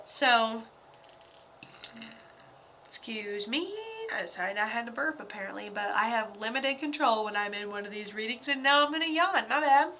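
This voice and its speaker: A young woman working as a psychic medium gives a live reading in a bright, forceful, slightly high voice. She's chatty and loose, rambling with lots of fillers and offhand jokes, over a faint hiss or hum.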